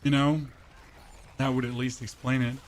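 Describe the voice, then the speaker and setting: Chatting with viewers while he plays, this male streamer uses a voice changer and speaks at a moderate pace in a flat, medium-pitched voice. He rants with strong opinions and stumbles over words a lot, with slight background noise in the clip.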